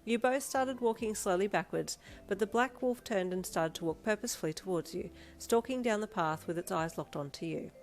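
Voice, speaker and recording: A woman narrating second-person fanfiction in a steady, gentle storytelling manner. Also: mid-range voice, fairly quick, hardly any pauses. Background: soft backing music.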